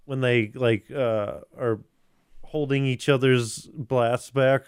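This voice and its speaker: A man's voice: mid-range voice, fairly even intonation, slow, clean tone, no room sound, studio quality. A man hosting a podcast, chatting casually, rambling, swearing and restarting often. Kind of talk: casual chat.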